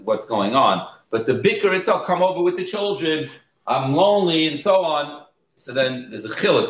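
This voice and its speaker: A man's voice: mid-range voice, reverberant, low-quality recording. A man teaching a Torah class as a rabbi, talking conversationally, asking rhetorical questions and mixing in Hebrew terms. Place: synagogue room.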